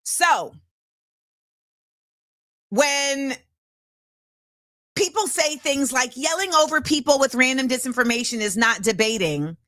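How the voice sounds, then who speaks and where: A woman host in her thirties delivering an impassioned commentary monologue, emphatic and forceful, with repeated rhetorical phrasing. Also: sits high, slow pace, pauses often, dry recording, studio quality.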